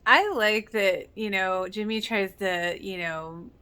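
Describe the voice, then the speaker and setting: A woman's voice: mid-range voice, slow, bright, forceful tone, clean tone. Earnest woman recapping a TV episode. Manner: earnest, emotional, many fillers. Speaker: reaction video host. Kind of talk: casual reaction commentary.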